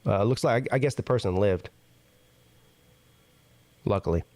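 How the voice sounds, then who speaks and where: A man's voice: unhurried, darkish tone, no echo. A male show host reading news stories aloud and breaking in with blunt, profane reactions. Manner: reads headlines then reacts with blunt, profane asides; jumps high in pitch when incredulous. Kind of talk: casual news reading with commentary.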